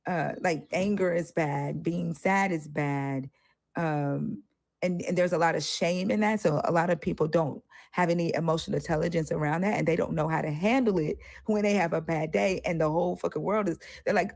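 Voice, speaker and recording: A woman with a lowish voice talks bluntly and animatedly, cursing freely as she speaks her mind. The sound is dry and close. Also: normal speed, creaky, dry recording. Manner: animated, swears freely, acts out quoted voices. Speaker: co-host. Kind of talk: casual panel discussion.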